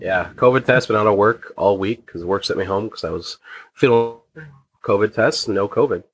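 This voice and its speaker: A man's voice: fairly low pitch, moderate pace, slightly rough. A man in a podcast chat, talking in an offhand, self-deprecating way. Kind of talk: casual chat.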